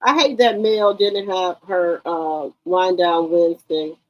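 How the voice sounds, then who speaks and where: A woman's voice: on the low side, steady tone, slow pace, muffled recording. A woman hosting a casual livestream, chatting brashly with her viewers and swearing freely. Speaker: livestream commentary host.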